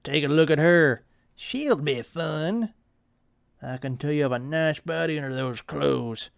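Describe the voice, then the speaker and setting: A man's voice: on the high side, a little slow, gravelly, no room sound, clean studio sound. A man voicing a leering male street thug who taunts a cornered girl in a comic reading.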